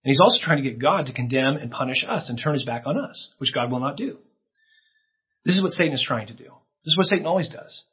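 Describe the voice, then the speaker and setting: A man's voice: mid-range voice, animated, fast talker, slightly rough, lo-fi sound. A man preaching a sermon in an earnest way, his voice rising for emphasis, with a few restarts. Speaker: pastor.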